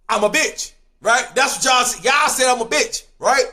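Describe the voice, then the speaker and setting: High, bright man telling a story. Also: normal speed, few pauses. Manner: animated, swings between loud shouts and low mumbles, slangy. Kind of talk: casual story time.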